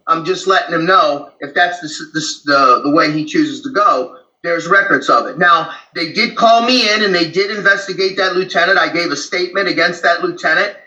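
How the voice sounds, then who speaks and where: Man, former prison guard, blunt, profane, fast restarts, high bright voice, echoey room. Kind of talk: candid conversational storytelling.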